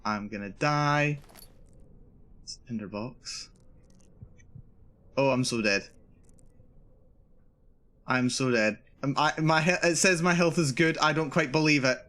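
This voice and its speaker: Male streamer, mid-pitched, nervously self-narrating through a horror game, repeats lines when scared. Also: unhurried, pauses often, sharp tone. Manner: jittery, repeats himself, narrates his own nerves. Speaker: VTuber streamer. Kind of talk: live horror gameplay commentary.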